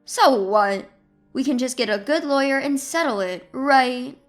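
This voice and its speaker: An arrogant, dismissive man in a narrated drama, read by a woman. Higher-pitched delivery over faint music. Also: expressive, unhurried. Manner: dismissive, then stammering. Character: arrogant man turned groveling.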